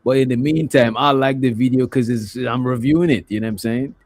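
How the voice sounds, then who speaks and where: This livestream host has a medium-pitched, darkish voice and talks fairly quickly in clean studio sound without echo. His casual commentary is loose and rambling, packed with fillers like "you know what I'm saying."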